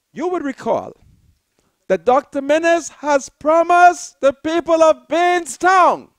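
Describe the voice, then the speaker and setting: Slow, fiery Bahamian woman commentator. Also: a little high, no room sound. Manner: slow, preacherly, rising to shouted appeals. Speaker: political commentator, show host. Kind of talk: impassioned political monologue.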